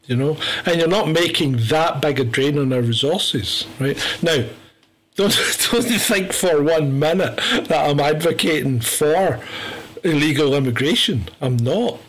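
A man's voice: fairly high pitch, a little slow, rough recording. A man co-hosting a casual political chat, arguing his case with rhetorical questions. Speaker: podcast co-host.

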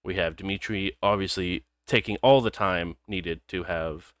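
A man with a lowish voice runs a tabletop game as game master. He is easygoing and relaxed, and keeps prompting the players with questions. The recording is close and dry. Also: moderate pace, smooth, dry recording.

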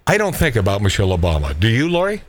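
A man's voice: fairly low pitch, huge pitch swings, racing, slight background noise. Brash male radio host, mocking, trips over words, voice bouncing all over. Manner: brash, mocking, stammering restarts. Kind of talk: talk radio commentary.

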